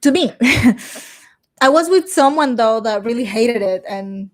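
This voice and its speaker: Slow-talking chatty woman. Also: fairly high pitch, expressive. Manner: chatty, laughs often, reads comments aloud. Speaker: streamer reading live chat. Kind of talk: casual live-stream chat.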